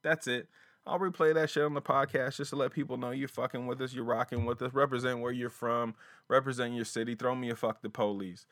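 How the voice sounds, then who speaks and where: A man's voice: mid-range voice, fairly even intonation, a little fast, fairly bright tone, no room sound. A man hosting a solo podcast from a small closet studio, talking casually in rambling, profane slang. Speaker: podcast host.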